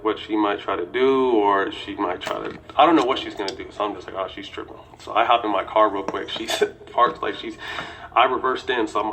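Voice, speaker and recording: A middle-aged man recounting a heated episode in casual storytelling, talking quickly with restarts and frequent swearing. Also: lowish voice, a bit bright, a little hiss or hum. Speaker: interviewee telling a story.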